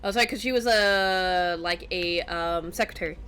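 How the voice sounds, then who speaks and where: Brief: female let's player, bright tone, rambling casual commentary with fillers. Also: fairly low pitch, normal speed, clean tone. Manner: chatty, rambling, many fillers. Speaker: let's play streamer.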